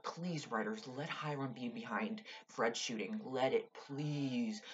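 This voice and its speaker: A young woman with a low-pitched voice vents about a TV show in an exasperated, sighing, swearing tone. Her talk is casual and rambling. Faint noise sits under the recording. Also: lo-fi sound. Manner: exasperated, frequent sighs and swearing. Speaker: vlogger. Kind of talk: casual TV recap rant.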